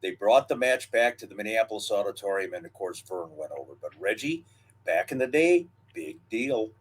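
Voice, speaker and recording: An older man co-hosting a wrestling history podcast, reminiscing in a relaxed storytelling manner with frequent fillers. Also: lowish voice, normal speed, vocal fry, husky. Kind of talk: casual historical chat.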